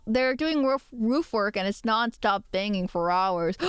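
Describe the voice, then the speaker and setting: A woman's voice: a little high, normal speed, smooth, dry recording, clean studio sound. A woman streamer chatting casually with her chat, rambling and giggling as she talks. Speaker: VTuber streamer.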